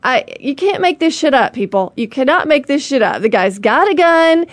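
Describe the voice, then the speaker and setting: A woman with a slightly high voice spins a personal story for her show's audience, candid and rambling, leaning on "you know" as she restarts her sentences. The sound is dry and close, with no room around it. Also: sing-song, moderate pace, no echo. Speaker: show host.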